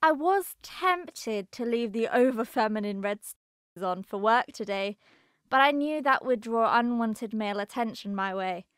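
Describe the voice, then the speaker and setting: Woman reading an expressive first-person story. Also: a little high, a little slow, clear, resonant tone, no room sound, studio quality. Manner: expressive, acts out dialogue in character. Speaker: audiobook narrator.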